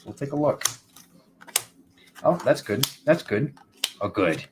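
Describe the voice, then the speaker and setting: A man with a fairly low voice gives a casual tarot reading, chatty and wandering. He jokes, breaks off into asides to people in the room, and now and then calls on cosmic forces in an incantatory tone. A faint hiss sits under the recording. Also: expressive, a little slow, pauses often. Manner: rambling and playful, with asides to people off camera. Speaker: tarot reader.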